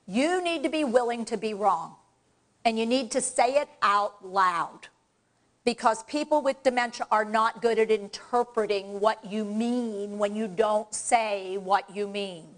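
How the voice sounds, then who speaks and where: A woman trainer speaks at a live workshop, direct and energetic as she coaches the audience through exercises. Her voice sits fairly high, and she talks to the room from the front of a presentation space. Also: measured pace. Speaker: dementia care trainer.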